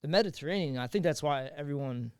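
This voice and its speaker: A man co-hosting a podcast, telling a history story in animated, profane, slangy casual chat. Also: a little high, fast talker, smooth, dry recording, studio quality. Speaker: podcast co-host.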